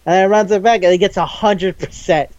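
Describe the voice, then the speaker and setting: A man with a fairly high voice chatting loosely about an anime, swearing freely and tossing off quick character voices as he retells scenes. The sound is dry and a little dull, close to the mic. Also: steady tone, darkish tone, no room sound. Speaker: podcast co-host. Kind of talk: casual chat recapping an anime.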